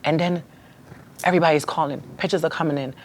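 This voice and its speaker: A woman's voice: deep voice, steady tone, quick pace. A woman guest on a podcast, telling a heartfelt personal story with emotion, her voice rising when she is upset.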